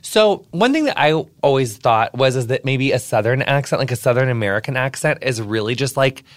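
A man's voice: medium pitch, lively intonation, a little fast. A man hosting a podcast interview, talking in a gushing, chatty way and filling his speech with "like". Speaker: podcast host. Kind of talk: casual interview chat.

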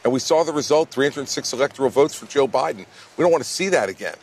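A man's voice: mid-range voice, lively intonation, fast, darkish tone. A man, a presidential candidate answering questions in a blunt, emphatic way in a TV news interview. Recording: faint background noise.

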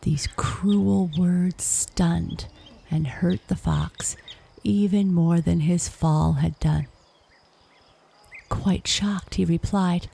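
A woman narrates an animal fable slowly, drifting into a hush at times. Her low voice is dark and husky, with a gravelly fry. Crickets chirp faintly behind her. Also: fairly even intonation. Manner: slow, hushed, gravelly reading. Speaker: storyteller. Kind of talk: storybook narration.

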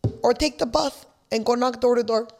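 A woman's voice: on the high side, brisk. Brash, cussing woman LA. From East Los Angeles. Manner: brash, profane, animated. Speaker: podcast guest telling her story. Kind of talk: casual storytelling chat.

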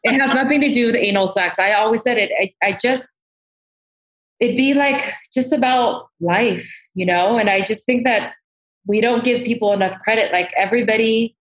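A woman makeup artist, appearing as a guest in a casual interview, talks candidly and animatedly and swears freely. Her voice is fairly high and a bit bright, at a normal speed. The recording has a roomy echo.

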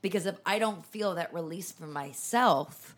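A young adult woman hosting a casual podcast chat, earnest and enthusiastic, talking in quick bursts. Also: on the low side. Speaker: podcast host.

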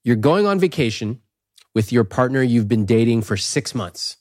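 Animated male podcast host, dry mic. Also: medium pitch, moderate pace, dry recording. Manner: animated, laughs often. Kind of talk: casual podcast interview.

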